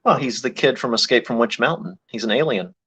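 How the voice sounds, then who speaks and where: A man's voice: mid-range voice, expressive, brisk, a bit bright, breathy edge. A man in a casual movie commentary, easygoing and adding behind-the-scenes facts.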